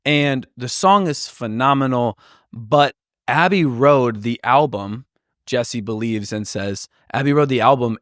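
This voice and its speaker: A man's voice: mid-range voice, no echo, studio quality. A man co-hosting a casual podcast, rambling and laughing easily. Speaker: podcast co-host. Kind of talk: casual chat.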